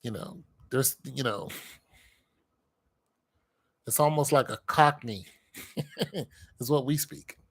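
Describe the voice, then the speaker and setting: A man's voice: medium pitch, slow pace, pauses often, slightly rough. An American man hosting a casual chat, joking and rambling, laughing often. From United States.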